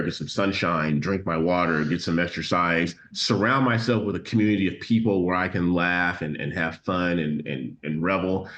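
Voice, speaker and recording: A middle-aged man co-hosting a music reaction channel, reading viewer comments in an earnest, measured way with dry sarcasm. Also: sits low, fairly bright tone. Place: home, remote from co-host. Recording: muffled lo-fi sound.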